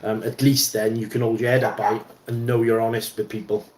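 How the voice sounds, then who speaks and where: A man's voice: fairly low pitch, little pitch movement, brisk, a little mellow, echoey room, slight background noise. A man hosting a casual livestream while fixing an RC car at his bench, rambling with lots of ums and restarts. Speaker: livestream host. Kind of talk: casual chat while wrenching.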